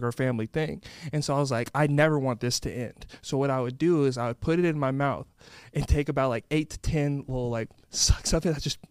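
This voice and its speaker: Young guy on a podcast hyping up a family story, highish voice, dry sound. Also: smooth, dry recording. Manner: animated storyteller, voices his grandparents. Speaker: podcast host. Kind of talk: casual chat.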